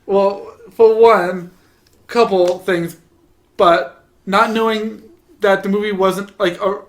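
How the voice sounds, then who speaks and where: Male podcast co-host, high voice, relaxed and profane. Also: takes it slowly. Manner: laid-back, swears often, laughs. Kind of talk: casual chat.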